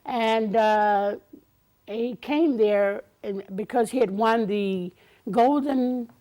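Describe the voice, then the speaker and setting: An older woman guest in an interview, telling stories in an animated way, acting out quotes and laughing often. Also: a little high, slow. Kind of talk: storytelling interview.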